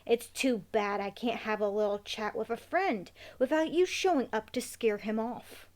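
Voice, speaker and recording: A woman's voice: a little high, animated, measured pace, darkish tone. A woman voicing a pompous, prim male pet rat who speaks with haughty sarcasm in a storybook reading.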